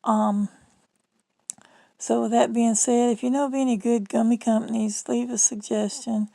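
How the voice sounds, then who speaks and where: A woman's voice: a little high, flat delivery, normal speed, gravelly, dark tone, no room sound, rough recording. A middle-aged woman with a Southern US accent, talking in a chatty, rambling, folksy way in a casual vlog monologue. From Southern United States. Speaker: vlogger.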